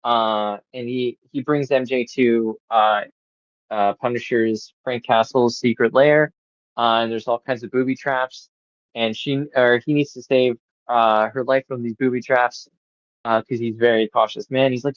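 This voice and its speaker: A man's voice: mid-range voice, fairly even intonation, moderate pace, no room sound, highs cut off. A man hosting a podcast, reviewing a movie in casual chat, rambling with lots of fillers and swearing. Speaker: podcast host.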